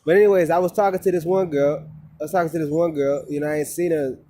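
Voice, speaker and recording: A man's voice: fairly high pitch, steady tone, fast talker, dark tone, a little hiss or hum. A man talking casually to his phone camera outdoors, rambling and profane, often repeating himself. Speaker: vlogger.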